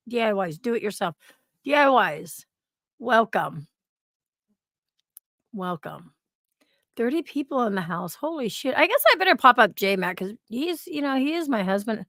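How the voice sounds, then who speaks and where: A woman's voice: high-pitched, fairly bright tone, dry recording, clean studio sound. A woman hosting a casual livestream, chatting, swearing freely and greeting viewers from the chat. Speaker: livestream host.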